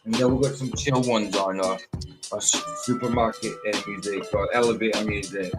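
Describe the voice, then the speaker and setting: A man's voice: on the low side, fairly even intonation, moderate pace, music in the background. A British man hosting a casual podcast chat, rambling and laughing often. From United Kingdom. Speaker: podcast host.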